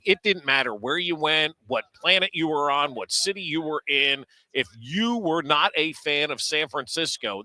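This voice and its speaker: A man's voice: mid-range voice, bright, forceful tone, no echo, low-quality recording. A man co-hosting a sports radio show, giving earnest, opinionated commentary in a casual way.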